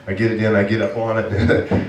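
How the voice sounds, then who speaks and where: A man from Maine preaching a sermon as pastor, telling a hunting story in an animated way and breaking into loud exasperated shouts. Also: lowish voice, brisk. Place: church sanctuary. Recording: echoey church hall, from a distance, faint noise.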